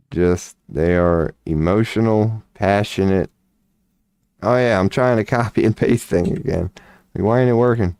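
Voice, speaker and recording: Deep, slow-talking man. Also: gravelly, a little mellow, no room sound. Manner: laid-back, profane, muttering while working on the computer. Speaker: astrology streamer. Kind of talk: casual live-stream commentary.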